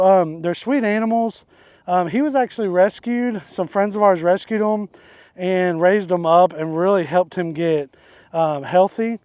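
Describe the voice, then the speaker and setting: A man's voice: high-pitched, darkish tone, no echo. A man hosting a casual farm vlog outdoors, talking in an easygoing, rambling way and chuckling often. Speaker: farm channel host. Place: outdoors on a farm beside a donkey.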